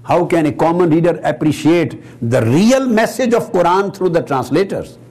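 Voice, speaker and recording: A man delivers a religious lecture with a somewhat husky, breathy voice pitched a little above the usual. He explains patiently and stacks up repeated words for emphasis. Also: expressive, normal speed, mellow. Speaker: Islamic scholar and speaker. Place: Islamic center hall.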